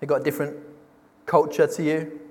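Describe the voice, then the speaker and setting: A man preaching a sermon, emphatic, posing rhetorical questions and slowing down on key words. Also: fairly high pitch, level tone, darkish tone. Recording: long reverb of a large hall.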